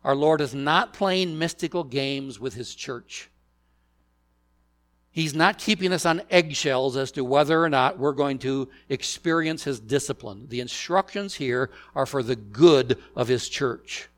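A man preaching a sermon, deliberate and emphatic, asking the congregation rhetorical questions. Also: mid-range voice. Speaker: pastor.

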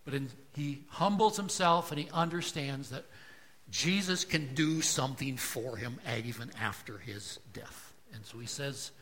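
Slow, emphatic preaching man. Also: medium pitch, a little hiss or hum. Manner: shifts between soft hushed stretches and loud emphatic lines; rhetorical questions to the congregation. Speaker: pastor. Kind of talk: sermon. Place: church.

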